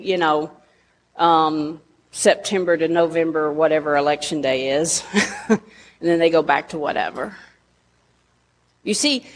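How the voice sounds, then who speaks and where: A woman pastor, preaching a sermon in a conversational way and teasing her congregation with asides. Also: medium pitch.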